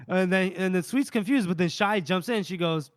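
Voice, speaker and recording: A man's voice: high voice, dry recording, clean studio sound. A man co-hosting a podcast, animatedly retelling a book's chapters in casual chat with laughs. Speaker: podcast co-host. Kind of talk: casual book-discussion chat.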